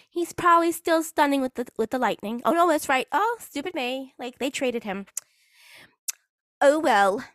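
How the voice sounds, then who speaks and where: Lively chatty woman fan vlogger. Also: fairly high pitch, no room sound, studio quality. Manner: chatty, rambling, self-mocking. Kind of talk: casual chat.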